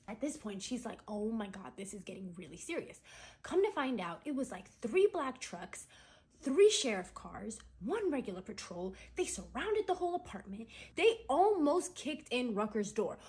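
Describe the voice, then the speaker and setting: A woman's voice: high-pitched, sing-song, normal speed, darkish tone. A woman casually retelling a friend's dramatic story in a chatty, gossipy storytime. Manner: chatty, gossipy, full of "like" and "right?". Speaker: storytime content creator.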